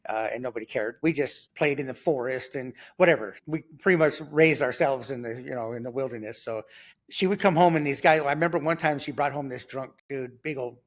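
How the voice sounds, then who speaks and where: A man in his sixties telling his life story in conversation, lively and rambling, with lots of fillers and sudden jumps in pitch when he acts out other people's voices. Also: brisk. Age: 60s. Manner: loose and rambling, full of fillers and restarts. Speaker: guest sharing his testimony.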